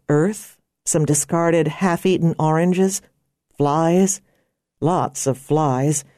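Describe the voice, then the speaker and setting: A woman narrating an audiobook in a slow, measured storytelling manner. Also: on the low side, mellow, no echo, studio quality.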